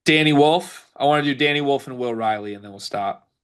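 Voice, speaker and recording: A man co-hosting a sports podcast, giving emphatic, rapid-fire scouting takes in casual banter. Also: medium pitch, fairly bright tone, clean tone. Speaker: podcast co-host.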